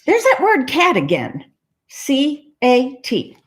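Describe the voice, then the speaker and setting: Animated woman reading to preschoolers. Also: high-pitched, slow pace, a little hiss or hum. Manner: animated, explains simply to young children. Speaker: children's librarian. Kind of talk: children's storytime read-aloud.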